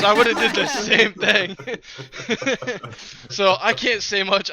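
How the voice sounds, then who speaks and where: A man's voice: on the high side, clear, resonant tone, no room sound. Helder klinkende man die een verhaal vertelt. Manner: animated, laughing while telling a story. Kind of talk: casual podcast storytelling.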